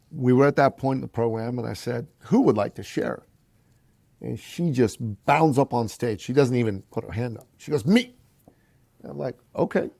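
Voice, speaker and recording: The voice is a man's, gravelly, with no room sound. He's a podcast guest telling a personal story, an animated narrator who addresses the listener as "brother" and acts out the voices he quotes with large pitch jumps.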